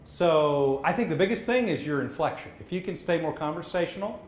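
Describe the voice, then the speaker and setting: A man coaching speakers in a live public speaking workshop, brisk and encouraging, giving direct feedback. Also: fairly high pitch, lively intonation. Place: seminar room. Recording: echoey room, faint background noise.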